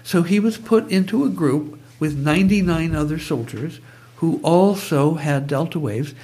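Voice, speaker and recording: Husky, fairly high-voiced man who rambles into tangents while telling stories. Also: moderate pace, dark tone. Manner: digressive, goes off on tangents. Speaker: guest, brainwave trainer. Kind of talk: conversational storytelling.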